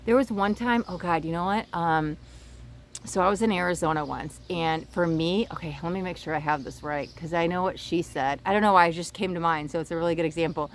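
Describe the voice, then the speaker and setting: A woman's voice: fairly low pitch, slight background noise. A woman giving a casual, rambling oracle card reading to camera outdoors by the water, often checking in with her viewers.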